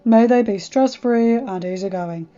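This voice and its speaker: A woman's voice: fairly high pitch, a little slow, warm tone, close to an everyday voice. A woman voicing a wry, guarded male god of the underworld in a fan fiction read aloud, on a dull lo-fi recording.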